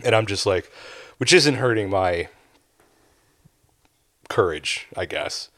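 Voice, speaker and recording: A man's voice: on the low side, takes it slowly, no echo. A man co-hosting a podcast, telling a rambling story in casual, profane chat and acting out the people in it. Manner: animated storyteller, acts out bar dialogue with profanity. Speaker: podcast co-host.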